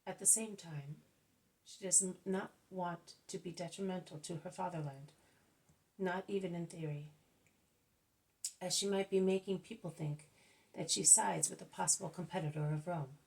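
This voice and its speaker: A woman voicing a gentle male spiritual teacher who explains in a measured, patient way. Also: lowish voice, steady tone, vocal fry, poor audio. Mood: calm.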